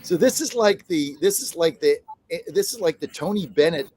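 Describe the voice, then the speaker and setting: A man with a notably high voice joins a casual sports betting podcast discussion. He talks animatedly and playfully, slipping into little acted-out quotes while making his point. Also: expressive, moderate pace, a little mellow. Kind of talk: casual sports analysis chat.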